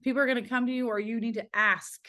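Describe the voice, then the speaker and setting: A woman's voice: on the high side, fairly even intonation, fast, bright, forceful tone. A woman hosting a podcast, effusive and casual, swearing freely and peppering her talk with "like" and "you know". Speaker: podcast host.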